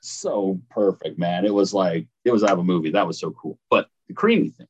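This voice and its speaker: A man's voice: low voice, a little fast, breathy edge, poor audio. A man in his thirties with a Midwestern American accent, casually telling a travel story on a podcast and laughing easily. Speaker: podcast co-host. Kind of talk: casual chat.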